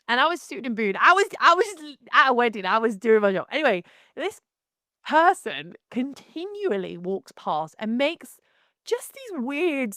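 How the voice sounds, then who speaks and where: Woman photographer ranting to camera, super animated, dry close sound. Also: a little high, no room sound. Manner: animated, exclaiming, laughs through the story. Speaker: wedding photographer, channel host. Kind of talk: casual storytelling and rant to camera.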